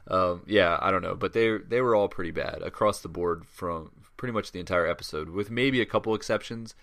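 Deep-voiced man hosting a casual podcast. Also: fairly quick, fairly bright tone. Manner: rambling, many fillers and restarts. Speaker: podcast co-host. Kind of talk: casual chat.

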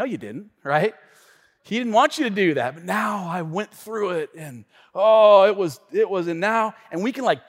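A man preaching a sermon as pastor, telling a story in an animated, conversational way with frequent asides to the congregation. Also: high voice, in a large hall. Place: church sanctuary.

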